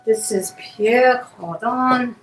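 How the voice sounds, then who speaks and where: A woman's voice: on the high side, very slow, slight background noise. Chatty woman selling jewelry live. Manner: chatty, describes pieces while handling them. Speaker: auction host. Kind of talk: live-stream jewelry sale. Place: indoor room. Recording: roomy echo, faint music behind.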